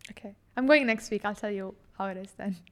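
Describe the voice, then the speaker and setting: A woman's voice: medium pitch, quick pace. A young woman chatting casually as a podcast guest, giggling often and tripping over repeated words. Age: young adult. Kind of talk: casual chat.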